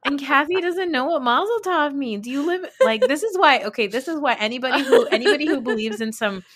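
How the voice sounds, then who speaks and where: A woman's voice: sits high, animated, fairly quick, fairly bright tone. A woman co-hosting a casual reality TV recap podcast, gossipy and blunt, swearing freely as she talks. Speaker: podcast co-host.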